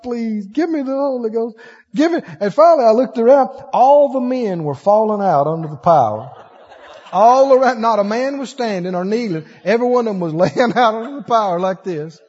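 A man's voice: high-pitched, breathy edge. A man preaching a sermon, telling stories animatedly and acting out the voices in them. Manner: animated storytelling, acts out voices, laughs often. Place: church. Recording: dull echoey church hall recording.

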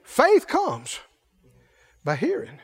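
Male pastor, high voice, emphatic sermon, call-and-response, shouted refrains. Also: wildly swooping pitch, extremely slow.

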